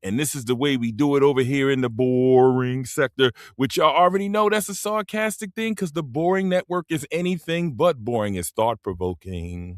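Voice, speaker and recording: A man's voice: mid-range voice, expressive, normal speed, hardly any pauses, no room sound, studio quality. Laid-back man hosting a live stream. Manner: laid-back, rambling, clears throat often. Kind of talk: casual live-stream monologue. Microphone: simple microphone.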